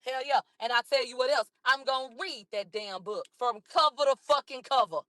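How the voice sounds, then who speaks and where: A hoarse woman from a cold, ranting combatively and profanely at critics on a livestream, repeating herself. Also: sits high, brisk, a bit bright, no echo. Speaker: livestream host. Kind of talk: heated livestream rant.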